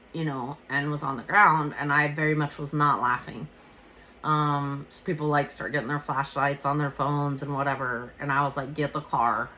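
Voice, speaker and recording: A woman hosting a podcast, telling a story casually, swearing freely and acting out what she said. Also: low voice. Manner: profane, animated retelling with quoted exclamations. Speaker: podcast host.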